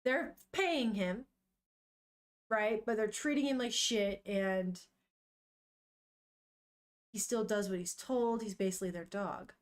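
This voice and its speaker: A woman's voice: medium pitch, takes it slowly, long pauses. A young woman on a live stream, chatting casually with viewers while reading a manga aloud and swearing now and then. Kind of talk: casual live-stream chat and read-along.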